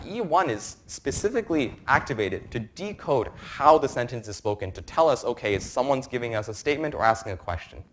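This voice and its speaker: Young man giving a science lecture. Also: mid-range voice. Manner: explanatory, quick and informal. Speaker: medical student presenter. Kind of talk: academic lecture presentation. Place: lecture room with an audience.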